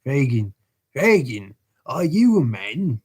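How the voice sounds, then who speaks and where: A man's voice: mid-range voice, big pitch swings, takes it slowly, slightly rough, pitched above the performer's own voice, full character voice. A man voicing a curt, practical male jailer in a storybook reading. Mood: questioning.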